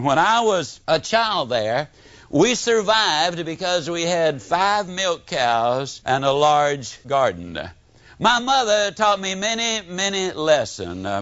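An older Southern-accented man from Mississippi gives a motivational speech, his voice a little high on a dry, dull lo-fi recording. He tells animated, folksy stories with humor and acts out the quotes himself.

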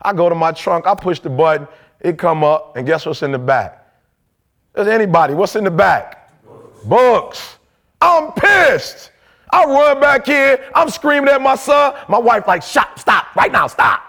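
Man from Detroit, very high voice, gravelly, fiery motivational speech, shouts a lot. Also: animated, measured pace. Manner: loud, shouting bursts, street slang. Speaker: motivational speaker.

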